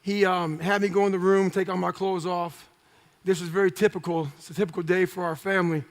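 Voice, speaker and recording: A man's voice: sits high, flat delivery, fairly quick. A man telling his story in a blunt, profane, punchy way as an interview guest before a live audience. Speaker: guest speaker.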